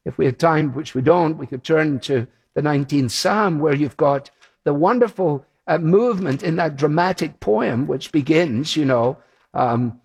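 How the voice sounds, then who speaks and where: A man's voice: a little high, unhurried, darkish tone, breathy edge. A man preaching a sermon, earnest and emphatic, repeating his key phrases.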